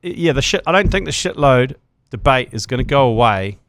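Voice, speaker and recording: A man's voice: mid-range voice, animated, brisk, fairly bright tone. A middle-aged man with a New Zealand accent hosting a podcast in crude, casual banter. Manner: laid-back, crude, chatty, frequent "yep". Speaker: podcast host.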